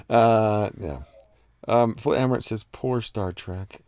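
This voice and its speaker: A man's voice: lowish voice, slow, long pauses, a little mellow, dry recording. A man hosting a live stream, reading viewer comments aloud and chatting about them in a rambling way, with lots of fillers and restarts. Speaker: host reading live chat. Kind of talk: casual live-stream chat.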